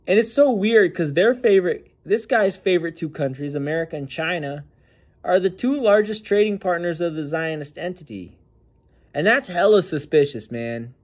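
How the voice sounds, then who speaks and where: Sneering, slangy male commentator. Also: fairly high pitch. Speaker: host. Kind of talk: casual political commentary.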